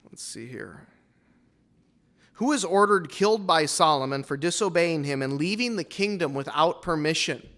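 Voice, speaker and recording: A man's voice: fairly high pitch, animated, normal speed, fairly bright tone. A man pastor hosting a playful Bible trivia game at a church service, teasing the congregation before introducing guests.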